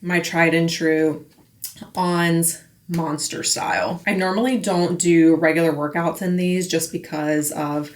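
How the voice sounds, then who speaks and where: Young woman, 20s, chatty lifestyle vlogger, slightly low voice, roomy gym echo. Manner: chatty, bubbly, lots of "like" and "um". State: out of breath. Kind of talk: casual vlog chat.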